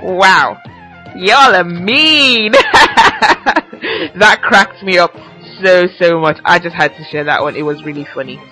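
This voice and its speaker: A woman's voice: fairly low pitch, fairly even intonation, normal speed, sharp tone, faint music behind, poor audio. A young woman hosting a casual solo podcast, chatty and teasing, laughing often at her own remarks. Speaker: podcast host.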